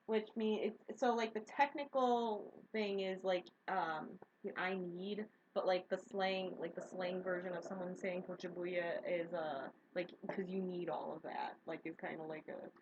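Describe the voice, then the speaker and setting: A woman's voice: fairly low pitch, unhurried, few pauses. A woman co-hosting a casual stream chat, rambling through stories and laughing. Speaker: co-host. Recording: dull lo-fi audio with steady hiss.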